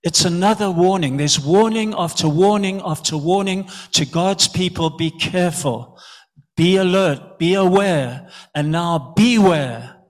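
A man's voice: high-pitched, a little slow. A man from Zimbabwe, preaching an earnest sermon and often repeating words for emphasis.

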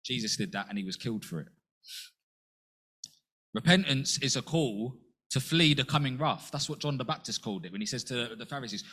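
A man preaching a sermon in an earnest way, asking rhetorical questions and jumping up in pitch to act out quotes. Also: expressive, fairly quick, pauses often, pushed and bright, husky.

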